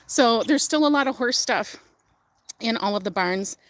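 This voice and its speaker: Chatty, gushing woman with a higher voice. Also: lively intonation, moderate pace. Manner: gushing, chatty, trails off with fillers and laughs. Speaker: livestream host. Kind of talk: casual livestream tour. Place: outdoors on a farm property.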